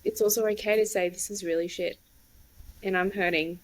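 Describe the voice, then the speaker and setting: A woman's voice: mid-range voice, fairly even intonation, a little fast, rough recording. A woman co-hosting a podcast, talking in an earnest, frank way with casual swearing while tearful. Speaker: podcast co-host. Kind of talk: supportive casual chat.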